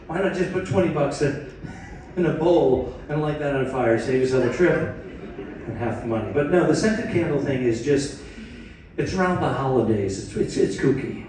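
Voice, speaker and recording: A man's voice: mid-range voice, darkish tone. A man doing stand-up comedy, self-deprecating and chatty with the crowd. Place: cruise ship theater. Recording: echoey hall, distant mic, audience noise.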